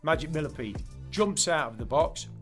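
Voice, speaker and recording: A man's voice: a little high, moderate pace, soft background music. A middle-aged man, a PE teacher, chatting as a podcast guest and telling a long joke with voiced characters. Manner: chatty, tells jokes with lively voiced characters. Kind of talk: casual interview chat.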